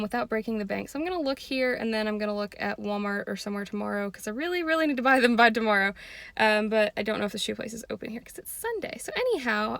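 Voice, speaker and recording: A woman's voice: a little high, vocal fry. A young woman chatting casually to camera in a vlog, bubbly and gushing, with lots of fillers. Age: young adult. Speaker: vlogger.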